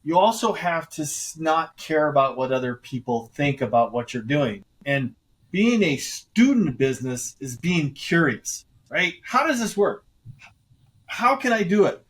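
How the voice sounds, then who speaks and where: A man's voice: fairly high pitch, sing-song, unhurried, a bit bright. A man hosting an interview podcast, reflecting aloud in a thoughtful, conversational way and posing rhetorical questions. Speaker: podcast host.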